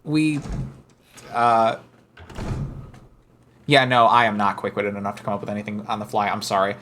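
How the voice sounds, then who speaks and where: A man's voice: fairly low pitch, fairly even intonation, moderate pace, bright, forceful tone, a little hiss or hum. A man playing a game on a casual stream, thinking aloud about his moves in an easygoing, self-deprecating way. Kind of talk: casual let's-play commentary.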